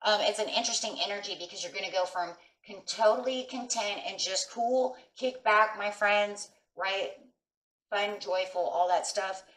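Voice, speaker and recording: Recorded far from the mic in an echoey room, this middle-aged tarot reader talks at a moderate pace in a mid-range, slightly bright voice. Her chatty reading is emphatic and aimed straight at viewers, peppered with "right?"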